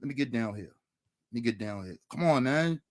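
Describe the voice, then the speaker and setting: A man's voice: mid-range voice, animated, a little fast. A man arguing his side in a debate, reading passages from books to back his points. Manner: reads quotes from books, argumentative. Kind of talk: debate argument.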